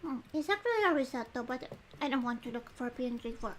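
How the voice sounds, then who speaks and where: A bubbly woman streaming a game, with a high voice that chats, laughs and reads lines aloud while she eats. A faint hiss sits under her voice. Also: animated, quick pace. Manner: chatty and giggly, eating and talking with food breaks. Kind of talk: casual livestream chat while reading a game aloud.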